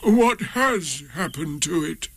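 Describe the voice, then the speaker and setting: A mournful old grey donkey, as a man puts him on for a storybook, sighing out each word at a crawl. The voice sits noticeably higher than the reader's own and sounds quite different in tone, weary and downcast throughout. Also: animated, fairly bright tone, breathy edge, full character voice. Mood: gloomy. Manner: slow, dragging, sighing delivery. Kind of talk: storybook reading.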